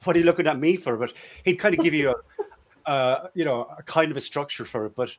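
A man's voice: on the high side, fast talker, slight background noise. Man, guest, storytelling chat, jovial, self-deprecating. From Ireland.

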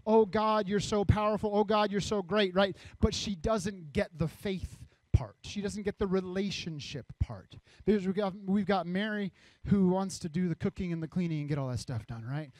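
Pastor, male, lively sermon delivery, slips into character voices, fairly high pitch, dry close sound. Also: no room sound. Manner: expressive, acts out voices of people in the story.

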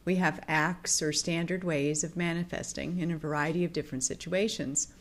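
A woman giving a calm explanatory talk as a teacher. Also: deep voice, moderate pace.

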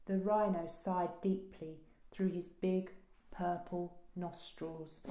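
A woman librarian reading a children's picture book aloud with slow, expressive storytelling. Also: fairly low pitch. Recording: roomy echo.

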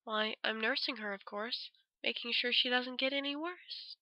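A woman voicing a creepy young man who speaks quietly and smugly, putting people down. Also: on the high side, moderate pace, no room sound. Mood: quiet, condescending. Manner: quiet, smug and cutting.

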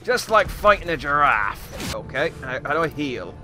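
A man giving joking gameplay commentary in a hammy, put-on Australian accent, with wry, self-mocking deadpan asides. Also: fairly high pitch, normal speed. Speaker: let's play commentator. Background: video game music.

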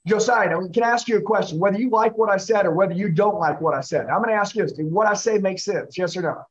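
Intense high-voiced male sales coach. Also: fast, muffled recording. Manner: intense, coaching, repeats the listener's name. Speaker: sales trainer. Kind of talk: live sales training role-play.

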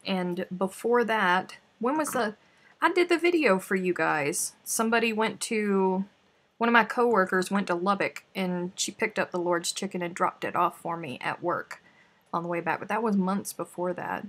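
Husky-voiced woman chatting on a livestream. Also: mid-range voice, lively intonation, normal speed, a bit bright. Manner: chatty and playful, reacting to viewer comments while snacking. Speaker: crochet livestream host. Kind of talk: casual livestream chat with viewers.

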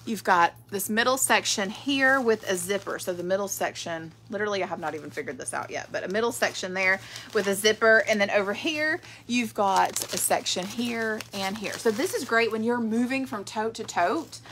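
Woman, thirties, chatty vlog, bright clear voice, faint background hum. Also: mid-range voice, normal speed. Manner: chatty, rambling with fillers. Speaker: direct sales director. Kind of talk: casual product vlog.

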